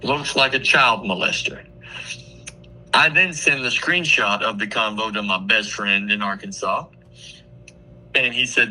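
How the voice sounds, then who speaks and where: Bright-voiced, profane man telling a story. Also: mid-range voice, moderate pace, poor audio. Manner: crude, profane, animated storyteller. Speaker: comedian guest. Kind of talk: casual radio storytelling. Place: radio studio.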